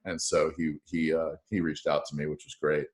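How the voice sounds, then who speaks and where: A man's voice: very deep voice, moderate pace. A radio morning show host, a man, telling profane, joking stories in a casual podcast interview. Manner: profane, joking, animated storyteller.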